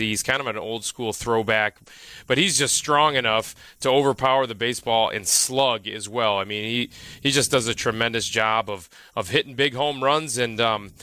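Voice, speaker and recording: Bright-voiced man analyzing baseball. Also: medium pitch, normal speed, clean tone. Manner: animated, emphatic, with restarts. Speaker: baseball analyst and former player. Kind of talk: casual sports talk radio.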